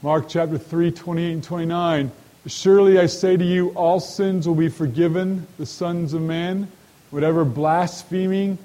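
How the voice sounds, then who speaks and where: A man's voice: a little high, fairly even intonation, moderate pace, mellow, low-quality recording. A man leading a sermon-style Bible study, who often asks his listeners rhetorical questions and speaks to them directly. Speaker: Bible teacher.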